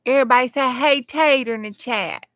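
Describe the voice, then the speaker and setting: On a casual crafting livestream, a middle-aged Southern American woman thinks aloud while arranging journal pages. Her voice is high-pitched and fairly bright, she talks a little fast, and the recording is dry.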